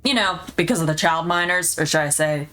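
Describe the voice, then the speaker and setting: A woman's voice: deep voice, fairly quick, a bit bright. A woman playing a visual novel with a friend, reading her character's lines and teasing her partner. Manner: teasing, playful. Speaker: co-player. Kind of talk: casual playthrough, voicing lines.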